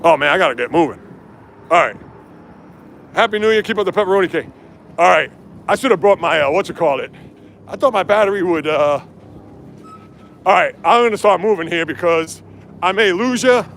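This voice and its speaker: A man's voice: high-pitched, animated, fairly quick, creaky, long pauses, a bit bright, slight background noise. A man livestreaming outdoors on city streets from his phone, chatting casually and reading viewer comments aloud as he runs. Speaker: livestream host. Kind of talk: casual livestream chat while running. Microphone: handheld phone.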